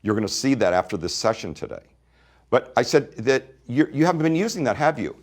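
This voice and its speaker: A man in a middle-range voice gives a teaching talk on energy practices. His pitch moves a great deal as he shifts between stressed points and soft asides while he tells a story and speaks to his listeners. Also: a little fast. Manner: storytelling, retells a client conversation and lectures the listeners; lively, swings between emphatic and quiet.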